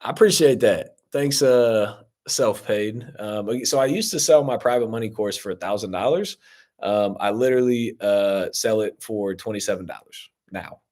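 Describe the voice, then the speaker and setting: Casual coach, lowish voice, lots of ums. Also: male voice, normal speed, a little mellow. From Ohio. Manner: casual, filler-heavy, upbeat with viewers. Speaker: real estate investing coach. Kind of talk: live-stream Q&A reading viewer comments.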